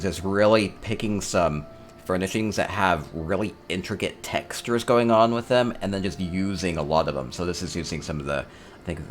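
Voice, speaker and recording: A man's voice: low-pitched, slight background noise. A man hosting a casual tour of player homes in a game, chatting upbeat and thinking aloud with small chuckles. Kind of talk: casual gameplay commentary.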